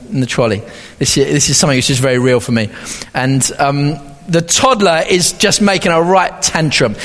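A man's voice: on the high side, fairly bright tone. A man preaching a sermon as pastor, reading scripture and acting out quoted voices. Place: church hall. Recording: long hall reverb.

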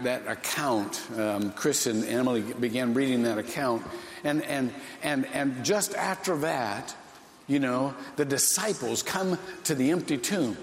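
A man preaching a sermon as pastor, slow and folksy, with dramatic pauses. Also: medium pitch, a little hiss or hum. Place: church sanctuary. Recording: echoey hall with long reverb.

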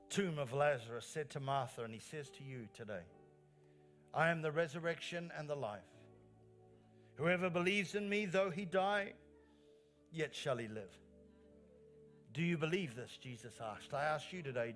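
A man's voice: a little high, fairly bright tone. A male pastor delivering an earnest sermon in a church, stressing lines by repeating them. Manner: earnest preaching with rising emphatic phrases and repeated lines.

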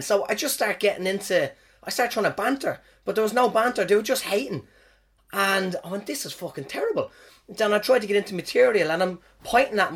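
An Irish comedian hosting his podcast, telling stories about his gigs in an animated, swearing, self-mocking way. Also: high voice, creaky, slightly rough. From Ireland. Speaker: stand-up comedian, podcast host. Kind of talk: casual storytelling monologue.

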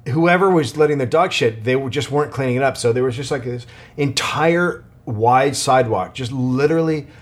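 A man co-hosting a podcast, telling rambling stories in casual chat, swearing a lot and breaking into animated quoted outbursts. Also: mid-range voice, moderate pace. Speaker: podcast co-host.

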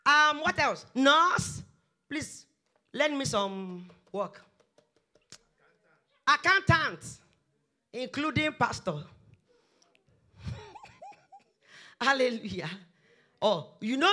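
High, lively, bright-voiced preacher. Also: very slow, long pauses. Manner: emphatic, repeats exhortations. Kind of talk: sermon.

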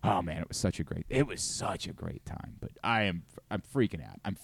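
A middle-aged man hosting a sports talk show, ranting and gushing in a casual, profane, excitable way. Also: low voice, creaky, slight background noise. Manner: animated, profane, rapid swings between excitement and rant. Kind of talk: casual sports radio chat.

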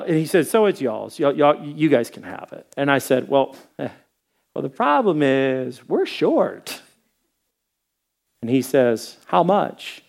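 A man preaching as a pastor, telling a story in a sermon and acting out the dialogue with lively voices. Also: mid-range voice.

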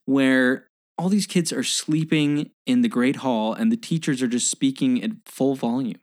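A man's voice: mid-range voice, a little slow. A man co-hosting a podcast, chatting casually and joking, with frequent laughs. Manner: laughing, joking, does silly voices. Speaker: podcast co-host. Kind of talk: casual chat.

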